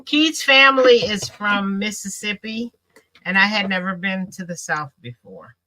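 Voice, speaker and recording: A woman with a bright, forward voice chats casually with a friend while sewing. She tells stories with animated energy and breaks into laughter easily. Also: medium pitch, measured pace. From Midwestern United States. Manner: laughing, animated storytelling with dialect. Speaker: host.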